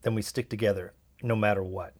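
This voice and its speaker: A man's voice: on the low side, fairly even intonation, brisk, natural voice. A man reading aloud and voicing the protective leader of a small found family, giving urgent orders. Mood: earnest. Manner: urgent, commanding.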